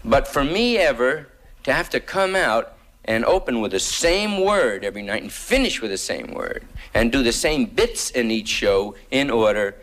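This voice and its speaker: Man, New York accent, hipster drawl, lively swooping pitch, comic monologue. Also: normal speed. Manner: laid-back hipster drawl with slang. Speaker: stand-up comedian.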